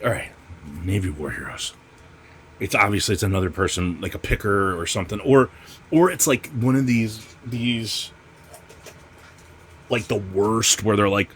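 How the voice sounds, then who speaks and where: A man's voice: fairly low pitch, measured pace, long pauses, fairly bright tone, slight background noise. A man hosting a casual comic book unboxing vlog, ranting with constant profanity and sarcasm. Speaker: comic channel host.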